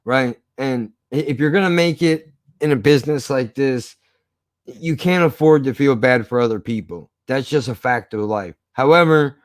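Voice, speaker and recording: Guy telling a wild story, swears a lot, dry close sound, plain middle pitch. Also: moderate pace, no echo. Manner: profane, animated retelling. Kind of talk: casual storytelling.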